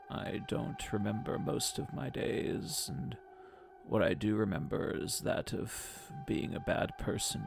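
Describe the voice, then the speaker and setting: A man voicing a weary older former swindler, speaking in a slow, resigned way. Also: lowish voice, vocal fry, background noise, heavily acted.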